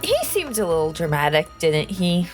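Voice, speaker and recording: A woman's voice: fairly low pitch, big pitch swings, normal speed, faint music behind. A woman playing a tabletop game in character, with wry, teasing remarks. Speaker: player. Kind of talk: casual in-character play.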